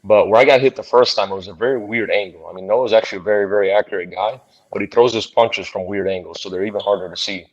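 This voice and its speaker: A man, a bare knuckle fighter, telling a fight story in an interview in a blunt, profane, animated way. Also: fairly low pitch, quick pace, lo-fi sound.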